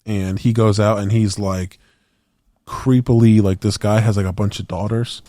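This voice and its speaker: On the low side and mellow, this man's voice keeps a level tone at normal speed, with no echo. Co-hosting a podcast, he chats casually and rambles through film scenes, performing the quotes with lots of swearing.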